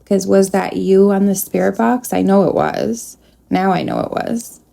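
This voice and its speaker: A woman working as a psychic medium, talking softly in a spirit communication session and pausing to address an unseen presence. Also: mid-range voice, gravelly.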